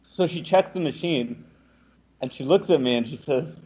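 A young man, a podcast guest, telling a lively anecdote and acting out what the other people said. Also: a little high, moderate pace, slightly rough, dull audio. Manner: animated, acts out the other people's lines. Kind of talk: casual storytelling.

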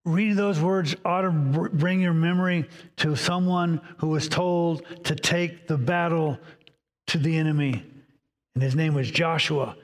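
A man preaching a sermon, reading scripture aloud and voicing inner dialogue with dramatic pauses. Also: fairly high pitch, fairly even intonation, long reverb tail. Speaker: pastor.

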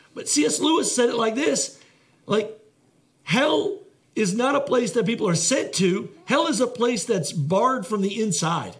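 Male pastor, high voice, talky sermon style with lots of restarts, heartfelt. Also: a bit bright. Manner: conversational, filler-heavy preaching with many restarts; earnest, heartfelt delivery.

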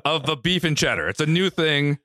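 A man's voice: a little high, expressive, brisk, sharp tone, no echo, clean studio sound. A man co-hosting a podcast, rambling casually about a movie with many fillers. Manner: rambling, lots of fillers like "like" and "you know". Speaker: podcast co-host. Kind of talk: casual movie review chat. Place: Sydney.

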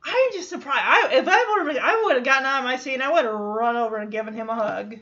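A high-voiced young woman from Michigan talks casually about an episode, laughing often and slipping into the characters' lines. The recording sounds dull and a little lo-fi. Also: quick pace, hardly any pauses, pushed and bright. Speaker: show reaction vlogger.

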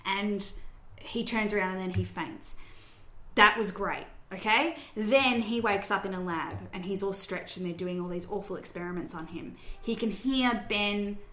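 A woman's voice: mid-range voice, normal speed, bright, forceful tone. A woman hosting a podcast, chatting casually and retelling a film's plot scene by scene. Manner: chatty, storytelling recap with fillers. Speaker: podcast host recapping a film. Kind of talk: casual chat. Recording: roomy echo.

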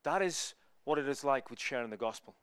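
A man giving a sermon as a guest preacher, telling lively stories and acting out the people in them. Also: mid-range voice, a little fast, smooth, dry recording, clean studio sound. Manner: animated, acts out people in his stories. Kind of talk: storytelling sermon.

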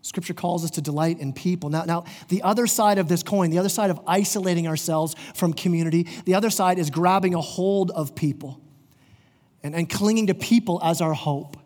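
A man's voice: sits high, fairly quick, darkish tone. A middle-aged man preaching a sermon as pastor of his church, earnest, often restarting his words as he goes. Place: church sanctuary. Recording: long hall reverb.

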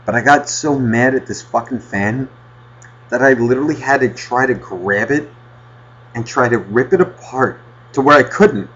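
A male podcast host telling a profane, ranting story in casual chat with a husky voice. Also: medium pitch, normal speed, fairly bright tone, dull audio.

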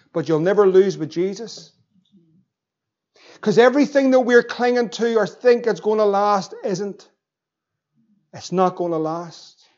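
A middle-aged Northern Irish pastor preaching with fervour, pushing up into shouts at the peaks. His voice sits high for a man. The recording is dull and lo-fi. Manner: impassioned, rising to shouts, acts out the devil's voice. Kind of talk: sermon.

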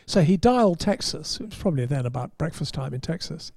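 Man telling a story, dark-toned. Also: a little high, fairly quick, no room sound, studio quality. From England. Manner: animated raconteur, chuckling through his punchlines. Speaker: podcast host and motoring journalist. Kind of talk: anecdotal storytelling.

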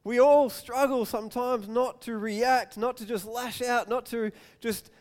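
A man preaching a sermon, telling stories and acting out quotes in loud bursts. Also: fairly even intonation, measured pace. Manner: storytelling, acts out quotes with sudden loud raised-pitch outbursts. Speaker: pastor. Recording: long hall reverb.

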